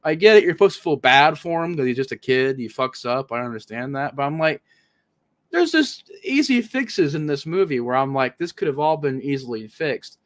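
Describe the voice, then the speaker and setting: A man in a loose podcast conversation, with a voice of ordinary middle pitch. He rambles with lots of "like"s and restarts, sounding exasperated. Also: animated, moderate pace. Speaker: podcast co-host. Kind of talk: casual podcast chat.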